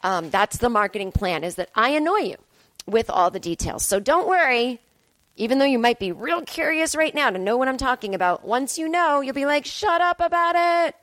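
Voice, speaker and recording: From a hotel room, a woman comedian in her thirties rambles through her casual solo podcast at a brisk pace, with no echo. She's self-deprecating throughout, jumping up into excited, high-pitched voices each time she quotes something she said.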